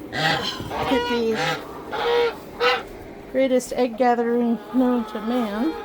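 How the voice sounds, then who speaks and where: High-voiced woman chatting to her poultry. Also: very noisy. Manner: chatty, talks sweetly to her birds. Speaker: backyard bird keeper. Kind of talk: casual narration while gathering eggs. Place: outdoors in a poultry yard. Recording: loud farm birds behind.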